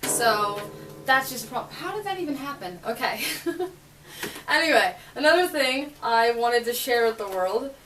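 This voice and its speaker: A woman's voice: a little high, expressive, normal speed, a bit bright, soft background music. A young woman vlogging casually, chatty and giggly, with sarcastic asides while reading aloud. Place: bedroom, spinning in a chair. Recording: roomy, distant, faint hiss.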